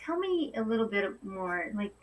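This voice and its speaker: A woman's voice: medium pitch, very animated, normal speed, far from the mic, poor audio. A woman hosting a spiritual talk show, effusive and exclaiming often. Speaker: show host.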